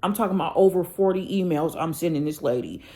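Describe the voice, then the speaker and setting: A woman's voice: fairly low pitch, fast, warm tone. Fed-up woman ranting to her viewers. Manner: angry, venting, addresses viewers with "y'all" and "okay?". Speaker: planner vlogger. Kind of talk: casual ranting vlog.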